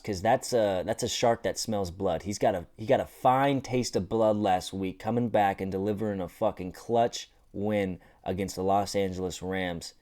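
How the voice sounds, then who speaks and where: A man hosting a casual sports commentary vlog, animated and joking with lots of swearing. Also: lowish voice. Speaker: host.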